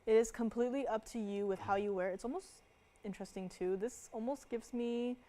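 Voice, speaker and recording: A woman's voice: on the high side, brisk, dark tone. A woman hosting a live jewelry shopping show, talking casually with frequent laughs and fillers as she describes pieces and answers viewers. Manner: chatty, laughs often, many fillers. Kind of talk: live home-shopping presentation.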